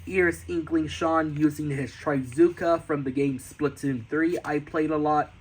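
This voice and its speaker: A man giving a casual tour of his sketchbooks, enthusiastic, often repeating and restarting, with sudden excited squeals. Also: on the high side, a little slow, husky, poor audio. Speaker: artist showing his sketchbooks.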